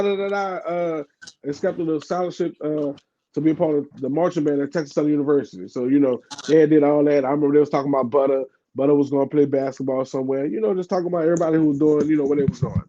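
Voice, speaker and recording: A man with a New Orleans accent tells a story on a podcast in a mellow, slightly higher voice, acting out the people he quotes and filling his talk with "you know what I'm saying." The recording sounds dull and lo-fi. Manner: animated, acts out quoted voices, heavy fillers. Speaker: podcast guest. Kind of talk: casual storytelling interview.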